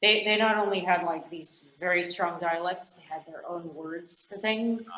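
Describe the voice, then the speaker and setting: A woman's voice: fairly low pitch, normal speed, reverberant, a crowd in the background, poor audio. A Canadian woman, a scientist guest, chatting frankly and rambling on a podcast, swearing casually now and then.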